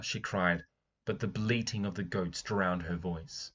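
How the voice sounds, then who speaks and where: A man's voice: low-pitched, fairly even intonation, unhurried, fairly bright tone, lo-fi sound. A male primary teacher, reading a picture book aloud and stopping to explain it. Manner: reads passages aloud, then breaks off to explain. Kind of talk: read-aloud book analysis.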